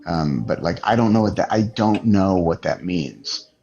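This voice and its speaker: A man on a live stream with a low voice that has a gravelly creak. He thinks aloud haltingly as he works through a question. His audio sounds dull and muffled. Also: animated, a little mellow, faint music behind. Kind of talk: casual livestream chat.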